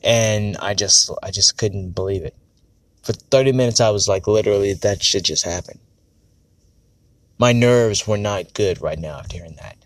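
At a moderate pace and fairly low pitch, an edgy podcast host rambles through a frank personal rant, cursing often and revising what he says mid-stream. There's no room sound.

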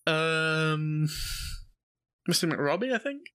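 A man's voice: fairly high pitch, slow, clear, resonant tone. A Scottish man casually telling a school story, swearing freely and acting out the people in it. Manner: animated, swears freely, acts out voices in anecdotes.

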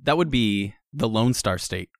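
Podcast co-host, man, low and slow, dry close mic. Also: animated, no room sound. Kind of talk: casual chat.

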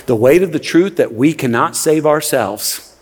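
A man's voice: fairly high pitch, expressive, moderate pace, darkish tone, breathy edge. A man preaching a sermon in a church, impassioned, often repeating words as he presses his points. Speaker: pastor. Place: church sanctuary. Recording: long reverb of a large hall.

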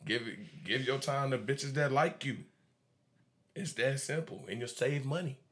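A man's voice: mid-range voice, unhurried, fairly bright tone. Blunt, laid-back man in casual talk. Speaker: podcast guest. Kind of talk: casual podcast chat.

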